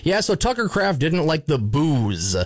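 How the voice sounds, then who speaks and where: A man's voice: fairly high pitch, very animated, unhurried, no echo. A man hosting a sports radio call-in show, jokey and conversational.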